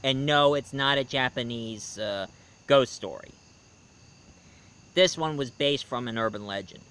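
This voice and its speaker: Bright, clear-voiced male storyteller. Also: mid-range voice, measured pace. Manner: dramatic, swings between loud and hushed. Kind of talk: spooky storytelling.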